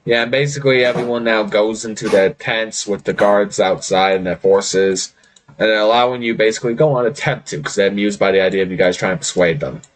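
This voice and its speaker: A man's voice: fairly low pitch, brisk, a little hiss or hum. A man acting as game master, narrating a tabletop game in a casual, rambling way over a voice call.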